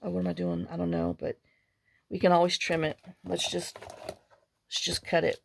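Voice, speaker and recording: A woman's voice: fairly low pitch, big pitch swings, moderate pace, gravelly, a little hiss or hum. A woman vlogger chatting casually while making a journal, rambling through stories and muttering to herself as she works. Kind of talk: casual chat while crafting.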